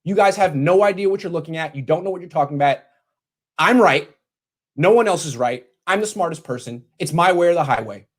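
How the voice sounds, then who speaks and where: A man's voice: a little high, expressive, brisk. Cocky, dismissive head coach sneering at his critics, as a man mimics him; bedroom vlog, voice swings widely. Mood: arrogant. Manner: dismissive, boastful, lecturing. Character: arrogant defiant male football head coach.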